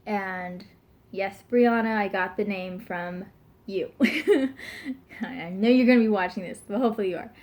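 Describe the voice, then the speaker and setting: A young pregnant woman in her twenties talks casually to her camera, unhurried, in a medium, slightly mellow voice. Her vlog chat rambles with many fillers and giggles, broken by occasional burps.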